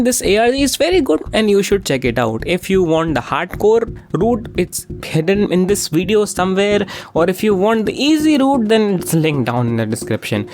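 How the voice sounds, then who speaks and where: Lively young YouTuber narrating jokingly. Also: medium pitch. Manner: jokey, profane, playful swings in tone. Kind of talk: comedic commentary narration. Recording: faint music behind the voice.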